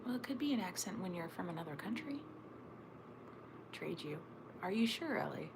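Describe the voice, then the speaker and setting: A woman's voice: fairly low pitch, normal speed, gravelly. A woman hosting a casual livestream at home, chatting with viewers and answering their comments, often dropping to a whisper. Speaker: livestream host. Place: at home looking out over a snowy backyard. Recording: steady background noise.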